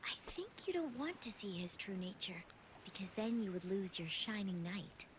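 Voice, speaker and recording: An actress voicing a composed, perceptive young woman in an anime dub, calmly needling the person she's talking to. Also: mid-range voice, normal speed, background noise, lightly acted.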